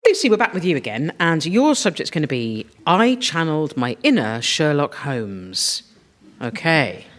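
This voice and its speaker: A woman's voice: low-pitched, sing-song, moderate pace, slight background noise. A woman hosting a comic radio panel game, chairing the players in a teasing, playful way. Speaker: host. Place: radio studio before an audience.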